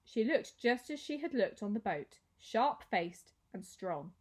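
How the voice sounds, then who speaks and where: Expressive woman teacher reading a novel aloud. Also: on the high side, unhurried, slightly rough. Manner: expressive storytelling.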